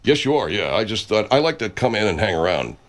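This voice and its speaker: A man's voice: fairly low pitch, sing-song, fast, fairly bright tone. A man playing a studio owner who meekly rambles and interrupts in an improvised comedy sketch.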